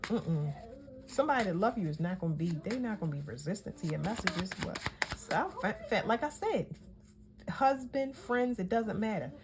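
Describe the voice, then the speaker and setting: A woman's voice: medium pitch, expressive, moderate pace, heavy background noise. A woman giving a casual tarot reading, talking in a chatty, emphatic way and often correcting herself mid-sentence. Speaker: tarot reader.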